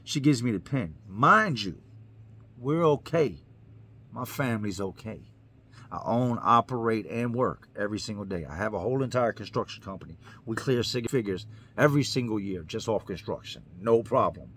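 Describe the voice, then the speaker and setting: A man's voice: fairly low pitch, expressive, normal speed, a bit bright, a little hiss or hum. A man, a YouTuber, telling his own story in an earnest, emphatic way, repeating lines for effect. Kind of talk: personal storytelling to camera.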